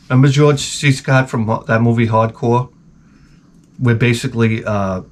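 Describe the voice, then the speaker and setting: A hungover man hosting a video, telling rambling comic stories full of swearing and sound effects. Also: lowish voice. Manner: profane, animated storytelling with sound effects. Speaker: video host.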